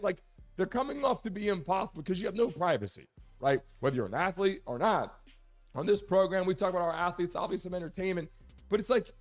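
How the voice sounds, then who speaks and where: Guy hosting a sports talk show, high voice, laughy and chatty, faint music under him. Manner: chatty, laughing often, animated asides to a producer. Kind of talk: casual sports and celebrity talk.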